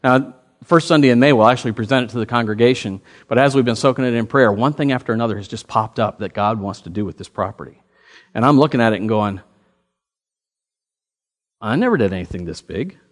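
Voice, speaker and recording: A man preaching a sermon as pastor, telling a story with lively swings in his voice. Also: mid-range voice, quick pace.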